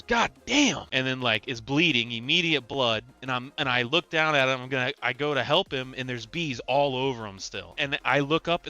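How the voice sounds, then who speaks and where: Young man, podcast host, animated storytelling, swears a lot, lots of fillers, smooth voice. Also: mid-range voice. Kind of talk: casual storytelling.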